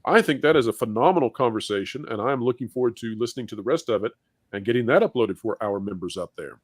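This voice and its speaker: A man's voice: mid-range voice, animated, fast talker, no room sound, clean studio sound. A man hosting a livestream panel, upbeat and playful, with jokes between introductions. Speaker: host.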